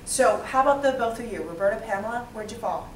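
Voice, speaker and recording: A woman leading a small interactive training session, lively and quizzing the group. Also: a little high, fast, a little hiss or hum. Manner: lively, asks the group questions, acts out types. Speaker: workshop trainer. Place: small training room with a few participants. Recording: echoey room, mic far off.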